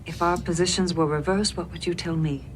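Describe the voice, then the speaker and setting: An actress playing a calm woman ship's doctor in a TV drama, measured and steady. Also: lowish voice, a little hiss or hum, natural voice. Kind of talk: TV drama acting.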